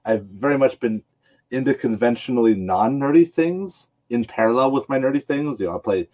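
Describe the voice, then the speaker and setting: A man's voice: medium pitch, expressive, brisk, mellow, highs cut off. A man talking as a guest on a podcast in a casual, playful, teasing way.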